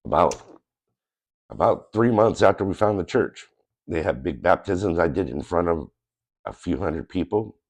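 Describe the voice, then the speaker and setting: A man's voice: sits low, animated, moderate pace, darkish tone. A man with a nasal voice from a cold, telling his personal faith story to his channel in an earnest, plain-spoken, rambling way. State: recovering from a cold. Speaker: channel host. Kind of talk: casual personal testimony to camera.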